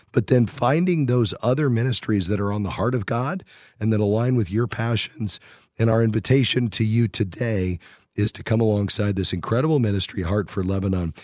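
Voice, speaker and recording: Radio host, male, low voice, hoarse and scratchy, earnest appeal, dry studio sound. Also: darkish tone, no echo. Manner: earnest donation appeal, frequent "uh" pauses. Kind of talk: closing a faith-based money radio show.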